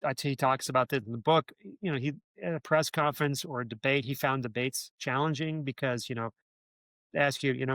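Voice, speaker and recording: A man's voice: medium pitch, fairly quick, fairly bright tone, dry recording. A man, a former speechwriter, telling stories in an interview, rambling with many restarts and filler words. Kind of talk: conversational interview storytelling.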